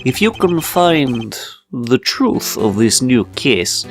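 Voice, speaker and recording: A tiny elderly mob boss, put on by a man in a thick mock Russian-Italian accent. He talks slowly and with calm menace, his lines drawn out. The pitch swings widely, and faint game music plays behind. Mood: menacing. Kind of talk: let's play voice acting.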